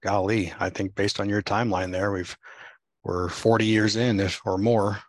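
A man hosts an interview in a low voice, recorded dry and close. He asks his questions casually and haltingly, often restarting a phrase before he finishes it. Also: little pitch movement, no room sound. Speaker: interview host.

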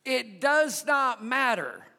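A male pastor preaching a sermon in an animated, conversational way, often asking the congregation questions. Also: very high voice, slow pace, vocal fry, long reverb tail. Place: church sanctuary.

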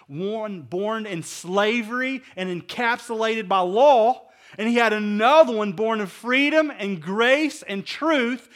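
A middle-aged male pastor preaching a sermon, emphatic, swinging between loud stresses and hushed asides and putting rhetorical questions to his listeners. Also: high-pitched. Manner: asks the audience rhetorical questions.

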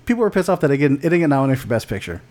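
A podcast co-host chats casually and bluntly about film award nominations, restarting often and swearing freely. His mid-range voice is sing-song and a little mellow, and he races along.

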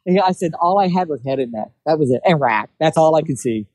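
A man's voice: fairly high pitch, fast talker, dry recording, low-quality recording. A man telling a hunting story in a casual chat, acting out what people said. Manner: animated storyteller acting out quotes. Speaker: guest telling hunting stories.

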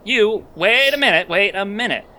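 A man's voice: sits high, animated, moderate pace, sharp tone, full character voice. A man playing a bumbling, second-class guardian angel in an improvised comedy parody, goofy and giggly. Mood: playful. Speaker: player.

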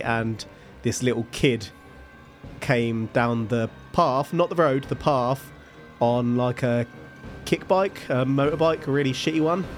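A man narrates a tale on a podcast at an unhurried, deliberate pace. His voice sits in an ordinary middle register, and he breaks off often into laughter and wisecracks. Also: medium pitch. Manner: slow, laughing, jokey storyteller. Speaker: podcast host. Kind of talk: storytelling podcast chat.

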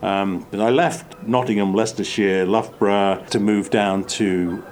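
Man with an English Midlands accent, low-pitched, thoughtful conversational host. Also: measured pace. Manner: reflective, many restarts, animated bursts. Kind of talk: casual chat.

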